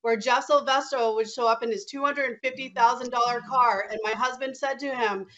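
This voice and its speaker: A woman's voice: a little high, steady tone, normal speed, a bit bright, dull audio, slight background noise. A woman speaking as a guest organizer, earnest and a little emotional, who reads out a long list. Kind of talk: live guest remarks.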